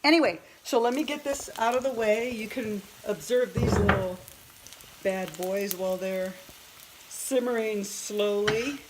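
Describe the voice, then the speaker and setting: Speaking at a measured pace with a medium pitch, this cooking vlog host in her fifties chats her way through a casual demonstration at home, thinking out loud and laughing at her own expense. The audio is very noisy, with a pan sizzling and dishes clattering in the kitchen.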